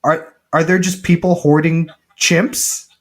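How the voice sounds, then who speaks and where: A man's voice: fairly high pitch, little pitch movement. Chatty man recapping a film. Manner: chatty, joking, quick paraphrased quotes. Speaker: podcast co-host recapping a film. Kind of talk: casual chat.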